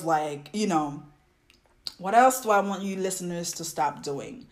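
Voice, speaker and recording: A woman's voice: on the low side, measured pace. Exasperated Ivorian French-accented woman. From Côte d'Ivoire. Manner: exasperated, ranting with frequent fillers and restarts. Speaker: podcast host. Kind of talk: casual monologue to listeners.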